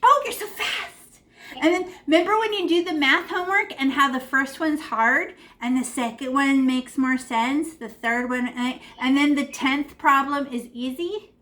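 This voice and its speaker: A bright-voiced woman leads a children's painting class over a video call from her room at home. She sits high in her register and keeps up a lively, encouraging patter meant for young kids. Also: moderate pace, few pauses. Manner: animated, encouraging, talks to kids. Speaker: art teacher. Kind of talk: online art class for children.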